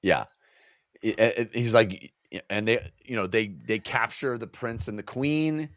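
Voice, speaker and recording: A man co-hosting a podcast speaks at a measured pace in a fairly low, slightly bright voice, with studio-quality sound and no room tone. He recounts scenes from a book with casual enthusiasm, stumbling into fillers and restarts.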